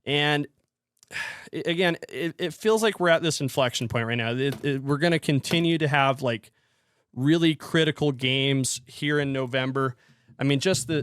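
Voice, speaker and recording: A man's voice: medium pitch, a bit bright, smooth, dry recording. A man hosting a casual solo hockey podcast, rambling with frequent restarts and fillers. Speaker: podcast host.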